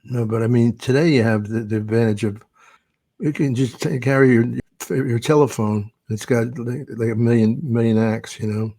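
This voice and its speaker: In a casual podcast chat, an older veteran stand-up comedian, the guest of honor, tells rambling show-business stories, swearing freely and acting out quotes. His medium-pitched voice is fairly even in intonation and dark in tone, at a normal speed with no echo.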